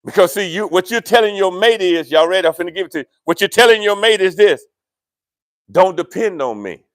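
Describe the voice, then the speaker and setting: A male pastor, preaching a sermon in a church with animated, playful asides to the congregation. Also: sits high, quick pace, dry recording, clean studio sound. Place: church sanctuary.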